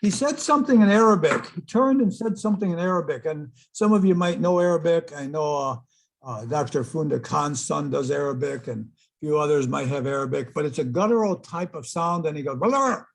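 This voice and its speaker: A middle-aged man with a husky, slightly breathy voice that sits a little high for a man. He recounts his experiences as a hypnotist to an online audience, slipping into the voices of the people he quotes. It sounds like he's talking into a computer mic on a video call. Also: brisk, low-quality recording. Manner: animated storyteller who acts out quoted voices. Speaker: hypnotist giving an online talk. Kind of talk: storytelling presentation to a live online audience.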